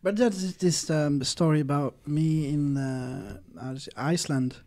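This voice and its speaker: A man's voice: on the high side, takes it slowly, dark tone. Rambling man searching for words. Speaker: podcast co-host. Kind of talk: casual chat over wine.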